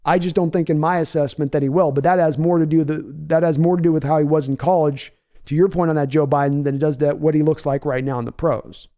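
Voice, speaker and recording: A man hosting a live football stream in a casual, chatty way, answering viewers by name and thinking his analysis out loud. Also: a little high, steady tone. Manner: measured, thinking-aloud analysis with restarts. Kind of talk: casual live-stream football talk, reading chat aloud.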